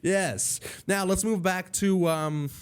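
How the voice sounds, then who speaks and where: A man's voice: sits high, slow, smooth. A man hosting a casual podcast chat in a playful, joking manner. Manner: playful, jokey, animated.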